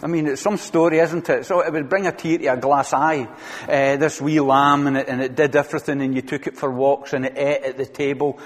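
A man's voice: mid-range voice, steady tone, fairly quick, long reverb tail. A male pastor preaching an earnest, conversational sermon to his congregation, often asking rhetorical questions. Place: church sanctuary.

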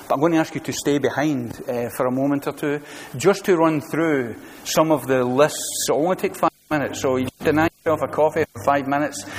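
A man pastor preaching an earnest, conversational sermon full of rhetorical questions, recorded in a church sanctuary. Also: mid-range voice. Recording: church hall reverb, faint room noise.

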